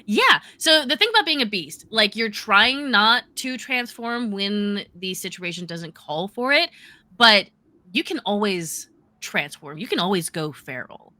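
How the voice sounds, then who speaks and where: A woman's voice: medium pitch, sing-song, a little slow, sharp tone, no room sound. A woman narrating and explaining rules as game master, casual and chatty with many fillers.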